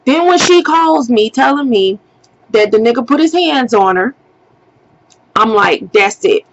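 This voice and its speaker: A young woman vlogger telling a personal story in a casual, animated way, heavy on profanity and slang. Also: fairly high pitch, unhurried, dull audio.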